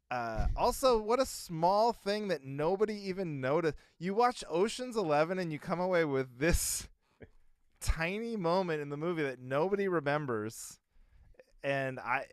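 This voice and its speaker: A man's voice: on the high side, expressive, a little slow, clear, resonant tone, dry recording, clean studio sound. A man co-hosting a podcast in casual, rambling chat, full of fillers and asides. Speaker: podcast co-host.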